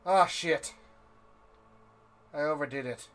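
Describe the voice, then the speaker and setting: A man voicing a brash, hard-drinking, muscular male dwarf brawler who talks loud and rough and says "me" for "my". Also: fairly high pitch, slow. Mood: angry.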